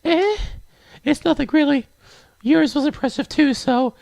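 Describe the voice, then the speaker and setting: A bashful teenage girl, voiced by a man in a much higher register than his own. She talks in a timid, hesitant way. The sound is dry and close. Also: a little slow, creaky, darkish tone, no echo, exaggerated voice. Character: shy, nervous teenage girl.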